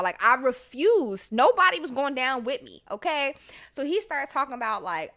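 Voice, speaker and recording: A woman podcast host telling a story in casual chat, animated and laughing, acting out the people in it. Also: high voice, fairly quick.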